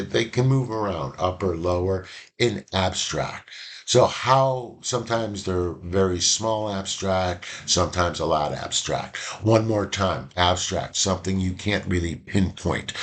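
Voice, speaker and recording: Deep-voiced male professor lecturing. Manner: animated storytelling, acting out quoted voices; repeats key points, conversational. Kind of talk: classroom lecture.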